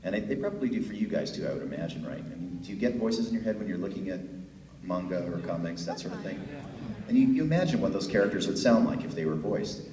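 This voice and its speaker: A middle-aged man with a deep voice, a voice actor telling stories to fans at a convention panel, chatty and laughing easily. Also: expressive, fast talker, dark tone. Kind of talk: relaxed storytelling answer to a fan. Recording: echoey hall from far off, faint noise.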